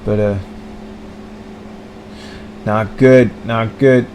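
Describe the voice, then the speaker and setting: A man's voice: fairly low pitch, fairly even intonation, drawn-out words, a little mellow, a little hiss or hum, rough recording. A man ranting in a rambling monologue, full of filler words and mocking impressions of other people. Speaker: vlogger.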